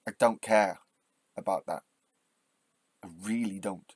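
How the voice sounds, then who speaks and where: A man hosting his own channel, delivering a passionate, swearing rant that drops to quiet musing and then flares up loud, with halting restarts when he thinks aloud. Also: on the low side, steady tone, no echo. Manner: swearing, impassioned, swings between quiet and loud. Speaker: channel host. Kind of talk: ranting vlog monologue.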